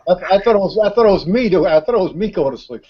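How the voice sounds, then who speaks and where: A man's voice: sits high, expressive, fast. Joking man on a group call. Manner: joking, easygoing. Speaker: discussion group member. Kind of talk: casual chat on a video call. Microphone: video call. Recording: lo-fi video call audio.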